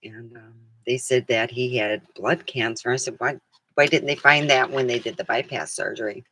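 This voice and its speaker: A woman's voice: a bass voice, fairly even intonation, moderate pace, a bit bright. A middle-aged woman vlogging in a casual, rambling chat, who laughs often and acts out the things people said.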